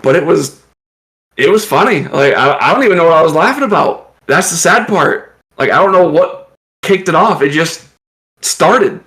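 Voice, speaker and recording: A man's voice: on the high side, animated, moderate pace, a bit bright. A man co-hosting a podcast, telling rambling stories in casual chat and laughing often as he talks. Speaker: podcast co-host.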